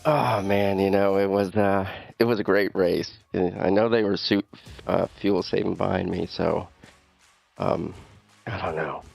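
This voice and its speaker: A man being interviewed after a race, halting and full of fillers and restarts. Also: low voice, steady tone, creaky, darkish tone, dry recording, soft background music. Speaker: racing driver.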